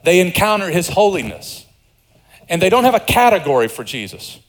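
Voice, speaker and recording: A man preaching a sermon with a fairly high voice. He is animated and conversational, acting out the lines of people in the story and turning to the congregation with asides. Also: moderate pace. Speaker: pastor.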